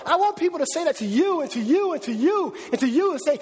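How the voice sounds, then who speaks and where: A man preaching a sermon to a congregation, casual and animated, mixing slang with scripture reading. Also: extremely high pitch, fast, hardly any pauses. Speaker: pastor. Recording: long echo of a large hall.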